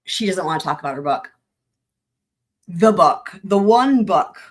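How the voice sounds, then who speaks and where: Animated woman livestream commentator. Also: fairly low pitch, unhurried. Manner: animated, exclamatory, swears freely. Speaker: livestream host. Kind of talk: casual commentary.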